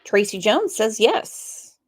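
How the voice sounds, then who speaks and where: A woman's voice: mid-range voice, big pitch swings. A woman hosting a true crime channel, talking casually and reading viewer comments aloud. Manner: unhurried, chatty, reads viewer comments aloud. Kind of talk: casual live-stream commentary.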